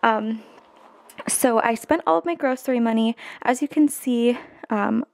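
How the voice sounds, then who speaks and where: A woman's voice: fairly high pitch, a little slow, vocal fry, darkish tone. A woman in her twenties, chatting casually to camera as a budgeting vlogger and counting cash aloud in a bubbly way. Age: 20s.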